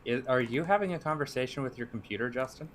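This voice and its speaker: A man's voice: mid-range voice, fast. A man co-hosting a casual podcast with dry wisecracks. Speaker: podcast co-host. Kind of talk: casual chat.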